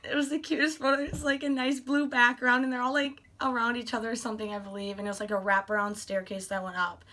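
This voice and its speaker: A woman's voice: a little high, quick pace. A young woman vlogger telling a story in a casual, gushing way, acting out what she and her friends said. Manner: excited, gushing, acts out quoted dialogue.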